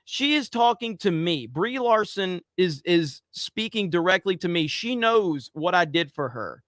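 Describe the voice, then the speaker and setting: Sarcastic high-voiced man hosting. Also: sing-song, a little slow, a bit bright, no echo, studio quality. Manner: sarcastic, mock-earnest. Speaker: YouTube commentary host. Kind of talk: casual commentary.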